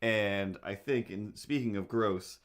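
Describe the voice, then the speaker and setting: A man's voice: fairly low pitch, takes it slowly. A young man hosting a livestream, chatting casually in a rambling, jokey, self-deprecating way while he sets up. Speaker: livestream host. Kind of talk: casual chat while setting up a drawing stream.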